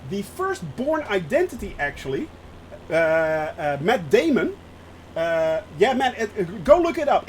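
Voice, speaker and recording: A man's voice: sits high, slight background noise, low-quality recording. A man with a Dutch accent chatting casually on a flight sim livestream, laughing often and repeating himself. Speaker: streamer.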